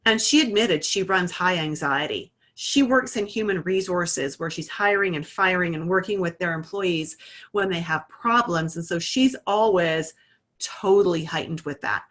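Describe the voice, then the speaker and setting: A woman's voice: on the low side, normal speed, a bit bright. A woman teaching iridology, walking through a client case in a conversational way and narrating a live demonstration. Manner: conversational, talks through a case story and adjusts a camera while speaking. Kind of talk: explanatory lesson with a live demonstration.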